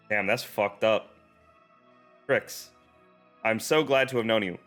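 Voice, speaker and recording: Excitable joking male game streamer. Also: fairly low pitch, slow, long pauses. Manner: excitable, swears, jokey. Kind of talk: casual gameplay commentary, reading dialogue aloud. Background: faint game music.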